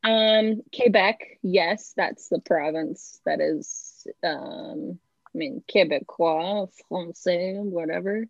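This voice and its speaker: A woman's voice: on the low side, slow, vocal fry, dry recording. A Canadian woman guest on a video call, chatting casually and giggling easily as she tells stories. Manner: easygoing, giggly storyteller. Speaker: podcast guest. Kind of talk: casual chat. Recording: dull lo-fi call audio, dry.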